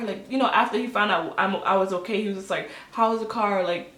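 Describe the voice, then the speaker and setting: A woman in her twenties telling a storytime vlog, chatty and animated, acting out quotes with lots of fillers. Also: mid-range voice, fast talker, roomy sound. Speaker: vlogger.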